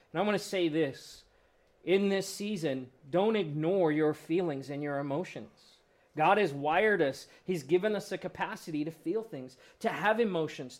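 Guy preaching, chatty sermon, bit of a higher voice, does little voices for examples. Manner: conversational, acts out quoted voices. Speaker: pastor.

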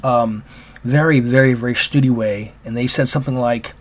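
A man hosting a solo opinion podcast, talking in a rambling, halting way with many restarts. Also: mid-range voice, fairly even intonation, slight background noise. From Oregon, US. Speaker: podcast host.

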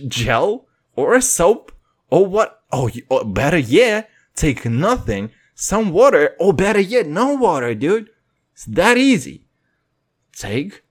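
A young man hosting his podcast in a rambling, profane monologue, swinging between loud and quiet. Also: a little high. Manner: rambling, swearing, jumps between loud and quiet, mock voices and singing. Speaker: podcast host.

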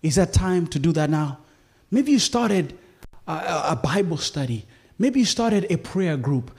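A man's voice: fairly high pitch, big pitch swings, unhurried, darkish tone, husky. A male preacher giving a sermon, pleading with the congregation and often checking in with them. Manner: impassioned, pleading, often asks "you feel me?".

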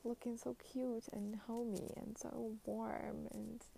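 Slow, heavily gravelly young woman. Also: a little high, flat delivery, warm tone, a little hiss or hum, low-quality recording. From Ukraine. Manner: halting and reflective, many fillers. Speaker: vlogger. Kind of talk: casual personal vlog. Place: outdoors at a snowy train station.

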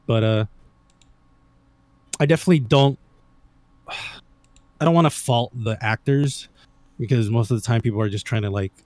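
A man's voice: medium pitch, unhurried, long pauses, a little mellow, no echo. A man in his thirties co-hosting a podcast, blunt and opinionated, swearing often. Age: 30s. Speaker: podcast co-host. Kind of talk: casual podcast chat.

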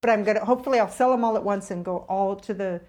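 Appearing as a guest, a middle-aged woman casually shares a personal story at a fast pace. She acts out her own past thoughts, her pitch jumping in a lively way.

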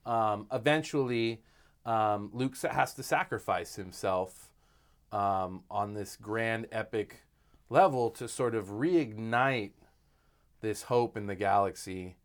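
A man's voice: on the low side, slow pace. Rambling man in casual chat. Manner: rambling, many fillers, quotes others. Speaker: podcast co-host.

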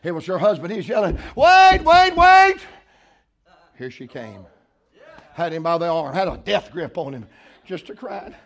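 An older man with a Southern US accent, preaching a sermon as pastor, moving between quiet storytelling and shouted exhortation. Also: on the high side, animated, normal speed. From South Carolina.

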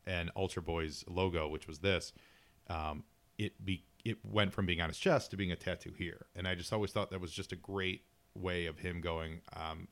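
A man hosting a podcast in casual chat, rambling and excitable, with lots of fillers and restarts. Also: low-pitched, normal speed. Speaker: podcast host.

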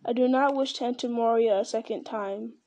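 A woman reading the part of a grim, weathered male ranger, speaking quietly and solemnly. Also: on the high side, fairly quick, close to an everyday voice.

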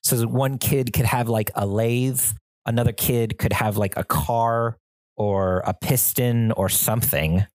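Host with a chaotic, fast-shifting storytelling style and self-mocking humor, recorded in a dry room. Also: medium pitch, dry recording. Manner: frantic, chaotic, animated telling. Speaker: podcast host. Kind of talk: storytelling monologue.

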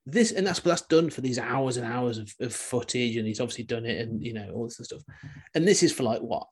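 A man's voice: medium pitch, animated, brisk, a little mellow, slightly rough. A man hosting a podcast in a casual chat, rambling and restarting his sentences with the odd chuckle. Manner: rambling, self-interrupting, chuckling. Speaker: podcast host.

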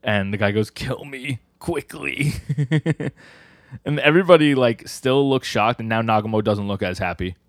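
A man casually recapping comic chapters on a podcast, full of fillers and quick acted-out character lines. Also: on the low side, no echo, clean studio sound. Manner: retells scenes, acting out character lines in quick voices; frequent fillers like "like" and "uh". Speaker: podcast co-host. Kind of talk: casual manga recap chat.

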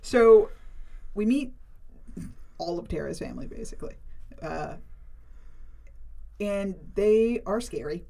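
A woman's voice: mid-range voice, expressive, slow, gravelly, pauses often, warm tone. Playful, chatty woman podcast host. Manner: chatty, playful, laughing between phrases. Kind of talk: casual chat.

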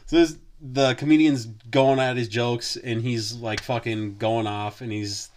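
A man's voice: mid-range voice, steady tone, a little slow. Profane, rambling man telling a story. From Wisconsin. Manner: profane, rambling, lots of filler words. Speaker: podcast host. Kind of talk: casual storytelling chat.

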